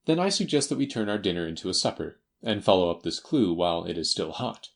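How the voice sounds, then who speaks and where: A man voicing a self-assured male detective, crisp and precise, in an audiobook reading. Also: sits low, sing-song, fast talker, heavily acted. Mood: brisk.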